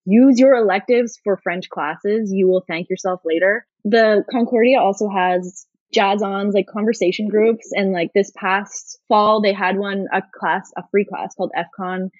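A woman speaking as an interviewee in casual chat, talking in a fast-flowing way full of "like" fillers. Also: mid-range voice, fairly even intonation, no echo. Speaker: interviewee, former education student. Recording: dull, lo-fi recording.

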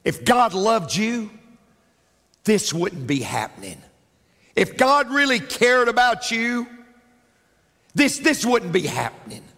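Male preacher voicing a hissing devil tempter, low sneering whisper, church hall echo. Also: very animated, takes it slowly, long pauses, sharp tone, heavily acted. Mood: taunting.

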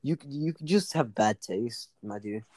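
A man's voice: medium pitch, animated, unhurried, crowd noise. A young man chatting casually with a friend, rambling, with many fillers and laughs. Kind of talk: casual chat.

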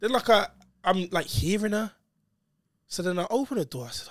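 Slangy man telling a story, higher voice. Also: animated, normal speed, dry recording, studio quality. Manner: slangy, swears, acts out what others said. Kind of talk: casual story time chat.

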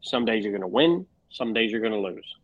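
A man's voice: fairly low pitch, animated, a little fast, husky, dry recording, highs cut off. A man co-hosting a casual sports podcast, ranting with lots of swearing. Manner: profane, fired-up rants. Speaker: podcast co-host.

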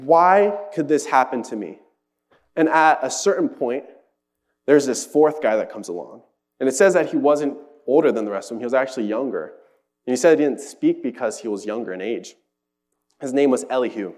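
A young man delivers a sermon in a loose, conversational tone, earnest throughout. His voice sits in a middle pitch. He slips into quoted voices as he retells the story. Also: a little mellow. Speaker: preacher.

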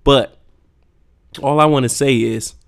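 Gravelly and medium-pitched, this podcast host speaks slowly in a steady tone. He's delivering a casual, heated rant on his own, swearing freely and firing off emphatic rhetorical questions.

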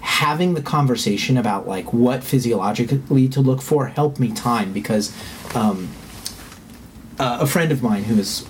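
A man's voice: medium pitch, normal speed. Middle-aged guy telling a story, cusses a lot, plain middle voice, bit of background hiss. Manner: frank, swears freely, lively when quoting others. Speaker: guest telling a personal story. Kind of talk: candid conversational storytelling.

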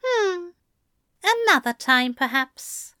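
A woman's voice: very high voice, lively intonation, measured pace, pushed and bright, no room sound, clean studio sound, voice pushed up, exaggerated voice. A woman voicing a prim, fussy but tender male angel in a storybook reading, with polite, precise phrasing. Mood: gentle, coaxing.

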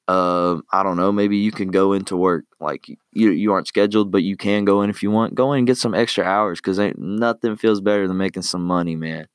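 A man's voice: low-pitched, no echo, clean studio sound. A young man giving casual life tips in a laid-back, rambling way, full of fillers and slang. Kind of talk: casual advice monologue.

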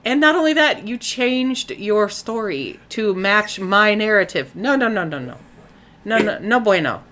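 Animated teasing woman, lively pitch. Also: a little slow. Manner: teasing, animated, laughs often. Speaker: podcast co-host. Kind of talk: casual chat.

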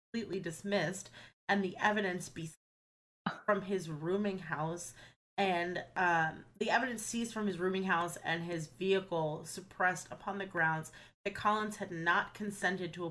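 A woman's voice: fairly low pitch, a bit bright, poor audio. A woman co-hosting a true crime podcast, working steadily through dates and court proceedings from her notes. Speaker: podcast co-host. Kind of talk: reading case notes in casual chat.

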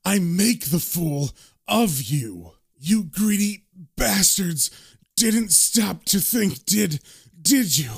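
A man voicing a cocky, dying con man who mocks demons in a slow, swaggering drawl, as part of a comic book reading. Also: high voice, sing-song, creaky, slightly rough, exaggerated voice. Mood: mocking.

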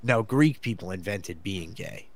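A man's voice: deep voice, expressive, unhurried, no room sound. A man from the Midwest chats casually on a podcast and teases his co-host. His voice is recorded close and dry, with no room sound around it. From American Midwest. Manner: dry, teasing, laughs often. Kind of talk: casual chat.

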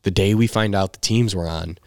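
A man in his twenties, a podcast guest, tells his story in a casual, animated way, swearing freely and saying "like" often. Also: sits low, brisk, dry recording, clean studio sound. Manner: animated, profane storytelling with lots of "like". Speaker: podcast guest, baseball player.

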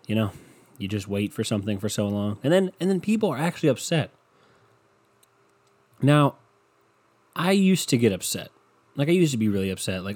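A man's voice: on the low side, big pitch swings, moderate pace, pauses often, darkish tone. Profane sarcastic young man rambling. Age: 20s. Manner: sarcastic, profane, self-mocking. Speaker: solo podcaster. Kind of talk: rambling casual monologue.

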